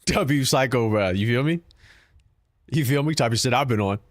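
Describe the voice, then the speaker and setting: A man's voice: mid-range voice, moderate pace, no echo, clean studio sound. A man streaming a game, chatting casually and profanely with his viewers, joking and talking back to chat.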